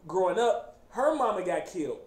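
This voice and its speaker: A man hosting a casual chat, animated and joking, often breaking into laughter. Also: sits high, moderate pace. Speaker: host. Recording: echoey room, faint background noise.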